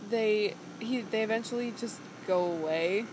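A woman's voice: medium pitch, normal speed, noisy background. A woman podcast co-host in casual chat, retelling events animatedly with quoted asides. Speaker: podcast co-host recapping a show.

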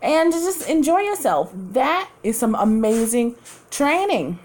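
A woman with a fairly high voice hosts a casual podcast from her home. She talks candidly, chats freely from one subject to the next, and laughs often. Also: sing-song, a little slow, a little mellow. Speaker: podcast host. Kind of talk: casual chat.

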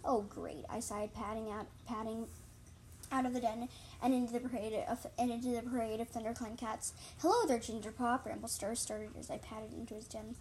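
A woman's voice: on the high side, flat delivery, brisk, a little mellow, slight background noise. A woman reading her own animal story aloud, often stumbling and repeating words.

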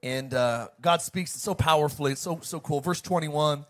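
A pastor preaches in a high, bright tenor. He jokes easily with his congregation and reads scripture aloud with real emphasis. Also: normal speed. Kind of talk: sermon.

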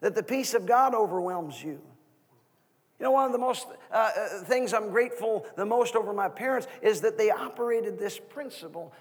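A man in his thirties preaching a sermon as guest minister, asking the congregation questions in an animated way. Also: high voice, husky, in a large hall. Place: church sanctuary.

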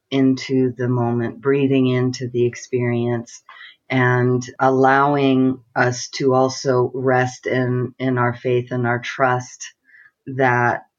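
A man co-hosting a spiritual podcast, speaking calmly and meditatively, halting with many fillers. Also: medium pitch, muffled recording. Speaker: podcast co-host.

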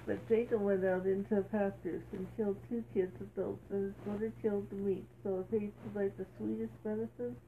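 A woman reading a bible story aloud, halting and correcting herself as she goes. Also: medium pitch, little pitch movement. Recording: tinny phone-like sound, faint hiss.

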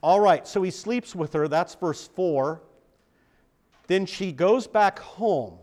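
A man's voice: sits high, lively intonation, slow pace, darkish tone. A man, a pastor, teaching a Bible study in a conversational way, often checking in with the group and poking fun at himself. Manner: self-deprecating humor.

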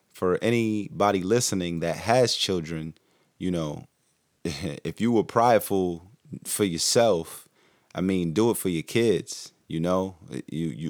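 A man in his thirties hosting a podcast, casual and profane, who grows animated when he preaches to listeners. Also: deep voice, no echo, clean studio sound. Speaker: podcast host.

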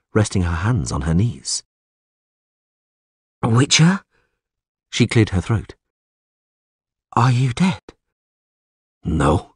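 A man reading a fantasy audiobook aloud with expressive, dramatic narration. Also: sits low, husky, no echo, studio quality.

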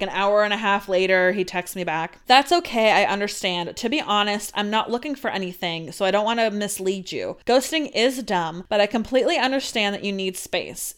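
A woman's voice: mid-range voice, a bit bright, smooth. A woman in her twenties hosting a podcast, telling a dating story with raw emotion, frequent swearing and bursts of rueful laughter. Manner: emotional, swears a lot, laughs through anger. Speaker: podcast host.

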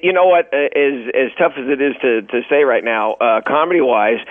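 Man from texas, animated storyteller, dry tinny phone line. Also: medium pitch, brisk, no echo. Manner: animated storyteller, acts out quotes. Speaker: guest comedian. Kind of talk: radio interview storytelling.

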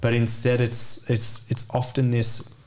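A man's voice: mid-range voice, monotone, measured pace, a little mellow. Give me a young Australian guy rambling casually on a podcast. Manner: chatty, rambling with fillers and self-corrections. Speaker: podcast guest. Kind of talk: casual chat.

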